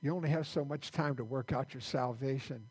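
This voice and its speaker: Slightly rough and a little mellow, the medium-pitched voice belongs to a male pastor giving a conversational sermon in a church. He stops and starts, repeating words each time he begins a sentence again.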